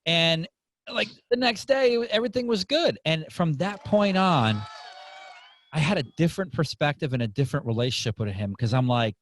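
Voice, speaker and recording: A man hosting a podcast interview, telling a story in a casual, animated way and acting out the people in it. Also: on the high side, normal speed. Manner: animated, acts out voices in anecdotes. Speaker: podcast host.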